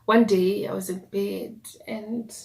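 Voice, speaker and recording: A woman's voice: medium pitch, fairly even intonation, takes it slowly, gravelly. A young woman with a South African accent, telling her story casually while doing a makeup tutorial, dropping in Sesotho words and playful asides. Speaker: YouTuber.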